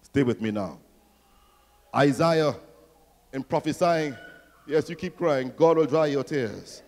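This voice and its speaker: A male pastor delivers a rousing sermon, rising toward near-shouts and throwing questions to his congregation. His voice sits high for a man. It rings out with the long reverb of a large church hall. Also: slow pace. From Trinidad and Tobago. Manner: rousing preaching, swells to near-shouting, call-and-response questions.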